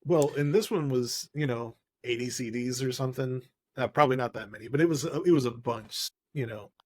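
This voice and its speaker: A man's voice: medium pitch, a little fast, dry recording. Hesitant, skeptical man on a dry mic. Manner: hesitant, skeptical, many restarts and fillers. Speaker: podcast co-host. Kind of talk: casual discussion.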